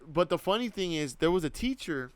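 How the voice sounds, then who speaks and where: Smooth-voiced man rambling through a story. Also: a little high, very animated, a little fast, no echo. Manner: rambling, heavy use of "like", swears freely. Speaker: podcast co-host. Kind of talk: casual storytelling chat.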